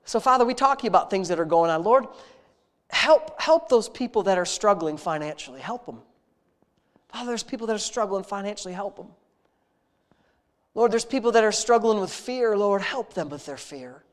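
Leading his congregation in heartfelt, spontaneous prayer, this man speaks at a moderate pace in an expressive voice that sits high. He sounds intimate and conversational, returning again and again to words of praise.

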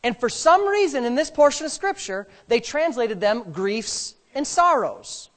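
A man's voice: extremely high pitch, measured pace. A male pastor preaching a sermon to a congregation, joking with them and breaking in with hallelujahs. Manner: animated, jokes with the congregation; punctuates with hallelujah and praise God. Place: church before a congregation.

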